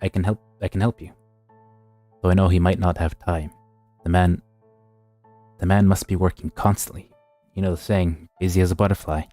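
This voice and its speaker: A man voicing a breezy, glib male fast-food manager with a chummy, folksy manner. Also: deep voice, little pitch movement, dark tone, dry recording, soft background music, natural voice.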